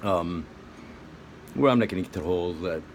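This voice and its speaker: A man's voice: deep voice, a little fast, slight background noise. A middle-aged man from the United States talking casually to camera, rambling and drifting off on tangents. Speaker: vlogger.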